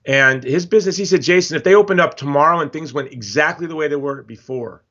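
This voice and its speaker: A man from Hawaii, a guest in a casual interview, talking in an emphatic, animated storytelling way. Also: fairly high pitch, quick pace. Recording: slightly dull lo-fi audio.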